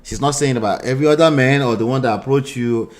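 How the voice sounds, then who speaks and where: A man's voice: mid-range voice, quick pace. A man hosting a live stream, reacting to a video and picking apart every word with rhetorical questions. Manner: animated, picks apart words, rhetorical questions.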